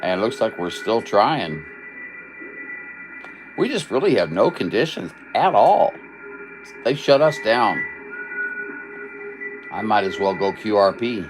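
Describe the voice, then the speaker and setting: A man's voice: on the low side, very animated, takes it slowly, long pauses, music in the background. A man from California who works as a CB radio operator, chatting casually on air in a folksy, rambling, teasing way.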